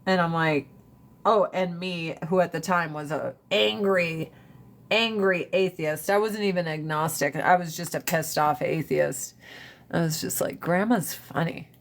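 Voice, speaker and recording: A woman on a phone livestream telling a story in a casual, animated way, swearing freely and laughing often. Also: on the low side, a little slow, creaky, a little hiss or hum. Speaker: livestream host.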